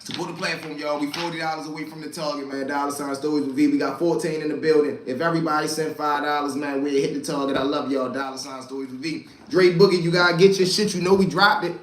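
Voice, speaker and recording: A man's voice: a little high, fairly even intonation, fast talker, hardly any pauses. A man casually telling a rambling, profane street story to a live audience. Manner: loose, profane street storytelling with many asides. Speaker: storyteller and channel host. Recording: roomy echo.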